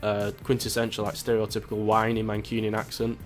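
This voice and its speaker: A young man in his twenties with a Greater Manchester accent and a trace of Yorkshire, talking in a fairly low voice. He rambles loosely through viewer questions, cracking jokes and swearing freely. Faint music plays underneath. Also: monotone, quick pace. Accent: Greater Manchester with a touch of Yorkshire. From Greater Manchester, England. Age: 20s. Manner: rambling, jokey and sweary, with many fillers. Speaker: YouTuber answering viewer questions. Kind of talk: casual Q&A vlog.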